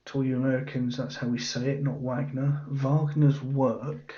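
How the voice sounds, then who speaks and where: A man's voice: mid-range voice, level tone, moderate pace, mellow. A man thinking aloud as he works through a cryptic crossword, musing and muttering the clues half to himself. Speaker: crossword solver. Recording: dull lo-fi audio.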